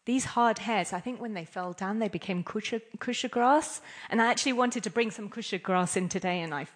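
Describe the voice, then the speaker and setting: Speaking briskly at a medium pitch, this class speaker runs an interactive scripture session. She's playful, laughs a lot, and keeps quizzing her listeners.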